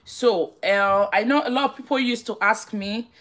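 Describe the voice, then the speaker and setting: A woman with a Nigerian accent telling a story on a live stream, animated and repetitive, stopping to greet viewers by name. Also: a little high, moderate pace. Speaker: vlogger.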